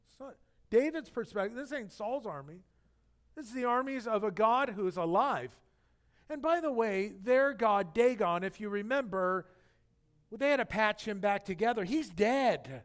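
A man preaching a sermon as pastor, animated and acting out the scripture quotes in different voices. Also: high-pitched, normal speed.

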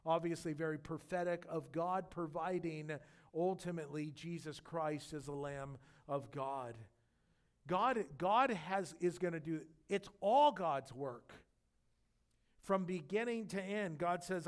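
Animated male preacher, fairly high voice. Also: measured pace. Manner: animated storytelling, swings between loud emphasis and quiet intensity. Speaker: pastor. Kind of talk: sermon.

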